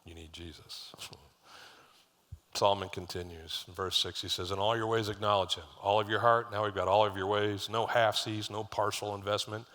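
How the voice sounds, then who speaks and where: Speaking a little fast with few pauses, a middle-aged lead pastor has a lowish, slightly bright voice and a flat delivery. His sermon unfolds as conversational storytelling with asides to the congregation, captured with live church hall reverb.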